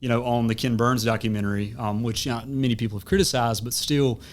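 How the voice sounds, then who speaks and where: A man's voice: mid-range voice, steady tone, fast talker. A man with a Southern US accent hosting a podcast, talking in a rambling way with lots of fillers. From American South. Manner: discursive, many fillers and restarts. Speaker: podcast host. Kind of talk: casual conversation.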